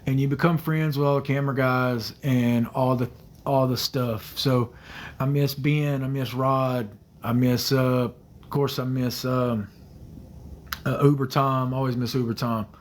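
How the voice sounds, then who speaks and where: A man in his thirties hosting a phone livestream, answering viewer comments in a hesitant, soft-spoken way with many fillers and quiet trailing murmurs. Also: medium pitch, steady tone, a little slow, low-quality recording. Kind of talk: casual livestream chat.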